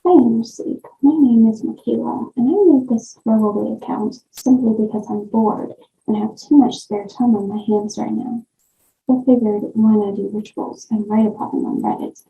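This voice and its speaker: A woman narrating creepy first-person stories in a steady storytelling read. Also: on the high side, normal speed, vocal fry, a little hiss or hum. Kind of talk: reading creepy stories aloud. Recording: echoey dull lo-fi room.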